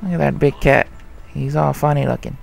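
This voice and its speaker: Gaming host, male, casual and deadpan, a bit raised pitch. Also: brisk, creaky, soft background music. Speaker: let's play host. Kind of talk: casual game commentary.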